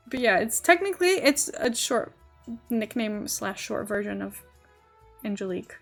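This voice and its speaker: A young Dutch-born woman streamer chats casually and ramblingly while gaming, with lots of fillers and an English accent mixing American and British. Her medium-pitched voice is expressive and unhurried, with vocal fry, over soft background music.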